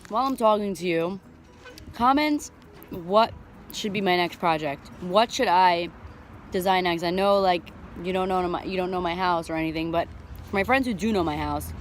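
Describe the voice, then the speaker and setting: A woman's voice: on the low side, moderate pace, long pauses, slight background noise. A woman casually chatting to the camera as she fixes up and paints a front door, upbeat and talkative. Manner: chatty and upbeat, talks to camera while working. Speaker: home renovation vlogger. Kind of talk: casual DIY vlog.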